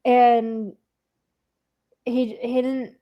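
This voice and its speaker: A woman's voice: fairly high pitch, level tone, extremely slow, dull audio. A young adult woman co-hosting a book club podcast, talking casually, laughing often and swearing freely. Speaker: podcast co-host.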